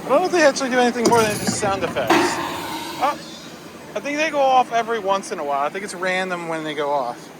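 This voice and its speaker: Brief: high-pitched, animated male vlogger from the US Northeast, excitable ride commentary, loud park noise behind. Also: quick pace. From northeastern United States. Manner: excitable, squeals and whoops on rides. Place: outdoors at a theme park water ride. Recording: noisy outdoor park recording.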